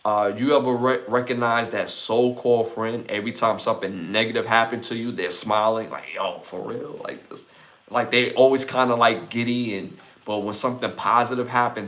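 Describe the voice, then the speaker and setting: A man's voice: on the low side, a bit bright. A man in his forties hosting a podcast, talking through his thoughts in a casual, reflective monologue full of "like" and "right?". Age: 40s. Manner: reflective, conversational, talks things through with "like" and "right?". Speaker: podcast host. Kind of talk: casual solo podcast talk.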